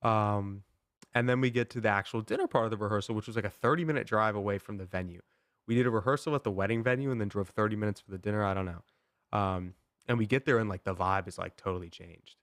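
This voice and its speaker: A young man with a low voice tells a story on a podcast, rambling, with "like" and "um" in nearly every sentence. The sound is close and dry, with no room sound. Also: fast, a bit bright, dry recording. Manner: rambling, full of "like" and "um" fillers. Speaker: podcast host. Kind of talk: casual storytelling.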